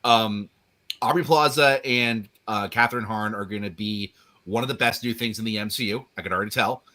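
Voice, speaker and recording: A man's voice: on the low side, moderate pace, sharp tone. A man co-hosting a live chat show, hesitant and full of restarts. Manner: hesitant, many ums and restarts. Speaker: co-host. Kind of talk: casual chat.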